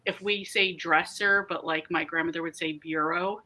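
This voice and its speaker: A woman from New Jersey hosting a casual livestream chat, telling stories with quick asides. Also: on the low side, steady tone, pushed and bright, low-quality recording. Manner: chatty storyteller, quick asides and laughs. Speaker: livestream host.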